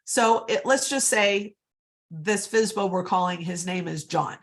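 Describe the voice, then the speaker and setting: A woman with a mid-range voice, speaking a little slowly, coaches real estate agents in a live online session. She sounds chatty and upbeat, uses a computer mic, and often refers to her audience as guys.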